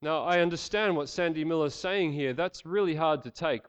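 An Australian man preaching a sermon, swinging from loud, emphatic passages to quiet, intense ones. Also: fairly high pitch, normal speed, clean tone. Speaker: pastor.

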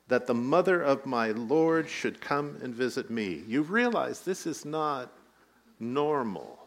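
A man's voice: fairly high pitch, animated, measured pace. A man preaching a sermon, telling the story with rising emphasis and light asides. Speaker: pastor.

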